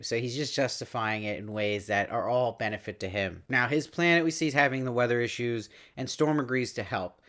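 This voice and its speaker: A man's voice: mid-range voice, a bit bright. Enthusiastic man recapping a cartoon episode. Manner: enthusiastic, retells lines with quick paraphrased quotes. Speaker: show host reviewing episodes. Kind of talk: casual recap commentary.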